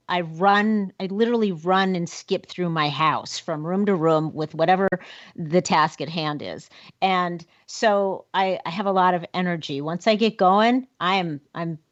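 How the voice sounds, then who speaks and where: A woman hosting a podcast interview, upbeat and quick to laugh. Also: on the low side, lo-fi sound. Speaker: podcast host. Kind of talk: casual interview chat.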